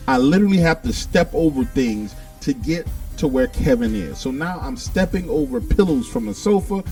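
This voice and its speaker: A man telling a wild story in a casual, animated way, swearing constantly. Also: a little high, vocal fry. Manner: animated, heavily profane.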